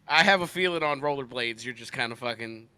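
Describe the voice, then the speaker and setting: A man's voice: medium pitch, animated, normal speed, pushed and bright, clear, resonant tone, no echo. A man co-hosting a podcast, riffing with profanity and laughter in casual chat. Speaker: podcast co-host.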